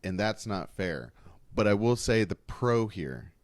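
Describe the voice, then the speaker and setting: A man co-hosting a podcast, telling stories in casual, animated, rambling chat. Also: on the low side, a little slow, no echo. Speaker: podcast co-host.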